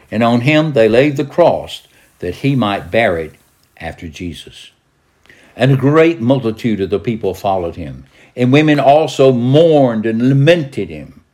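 A man with a fairly low voice reads scripture aloud like a preacher, adding short remarks of his own. He reads dramatically, lifting his pitch and volume when quoting shouts and speeches. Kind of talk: scripture reading with commentary.

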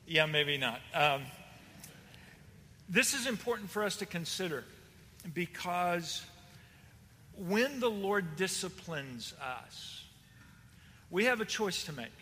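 A man's voice: sits high, big pitch swings, slow, pauses often, sharp tone, big-room sound, a little hiss or hum. A man with a Texan accent, a pastor preaching to his congregation in a folksy, chatty way with fillers and restarts. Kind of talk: sermon to a congregation.

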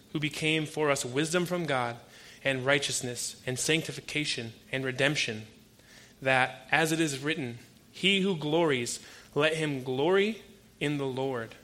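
A man's voice: on the high side, fairly bright tone. A young adult male pastor giving a conversational sermon, telling stories and acting out quoted exchanges with energy.

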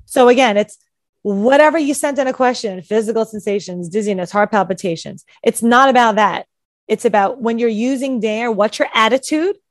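A woman's voice: fairly high pitch, moderate pace, no room sound. A woman anxiety coach explaining on a podcast, mimicking anxious self-talk as she goes. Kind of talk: podcast conversation.

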